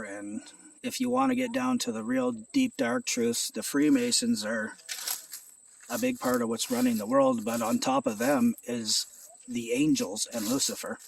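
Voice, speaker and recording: Gravelly man, earnest rambling testimony. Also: extremely high pitch, far from the mic, slight background noise. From Ontario, Canada. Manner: earnest, rambling, repeats words. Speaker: believer sharing a testimony. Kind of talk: casual spoken testimony. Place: outdoors at a rural house. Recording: voice off from the mic.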